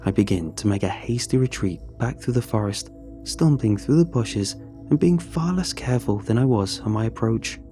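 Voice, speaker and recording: A man narrating a first-person horror story in a measured, tense, scripted way. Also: medium pitch, animated, dark tone, faint music behind.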